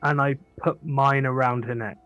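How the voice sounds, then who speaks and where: A man's voice: medium pitch, steady tone, normal speed, fairly bright tone, dry recording, soft background music. A man taking part as a player in a tabletop game, chatting casually about the rules. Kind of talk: casual play chat.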